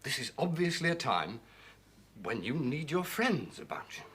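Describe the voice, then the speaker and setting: An actor playing Tom, a wry, theatrical friend of the family, in 1970s TV sitcom acting. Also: male voice, medium pitch, very animated, normal speed, lightly acted. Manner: arch, teasing, theatrical. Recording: old TV soundtrack with light hiss.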